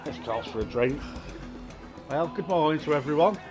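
A man's voice: fairly high pitch, lively intonation, normal speed, loud music behind the voice. A man giving crude, swearing, mocking commentary while playing a game. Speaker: gaming streamer. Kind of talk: gameplay commentary.

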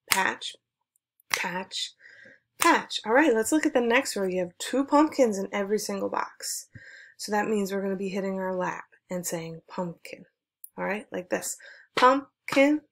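A woman music teacher giving an online lesson for children, speaking clearly and encouragingly as she leads call-and-response chants. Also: mid-range voice.

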